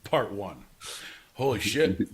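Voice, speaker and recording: Slow-paced yet very animated, a podcast co-host with a fairly low, slightly rough voice teases his friend. The banter is goofy and casual, and he readily launches into silly voices.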